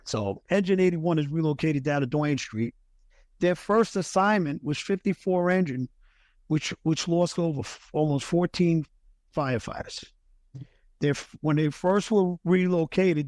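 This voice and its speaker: Slightly high with a darkish tone and no room sound, the voice belongs to a middle-aged ex-firefighter telling a personal story on a podcast. He speaks earnestly yet haltingly, often restarting and sometimes heavy with emotion.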